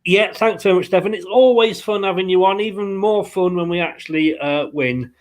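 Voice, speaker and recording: A man's voice: high voice, brisk. A man hosting a casual post-match football fan podcast, chatty and rambling with fillers and playful asides.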